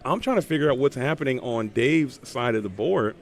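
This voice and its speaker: A man commentating a live card game tournament, excitable and joking with co-hosts. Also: medium pitch, a little fast.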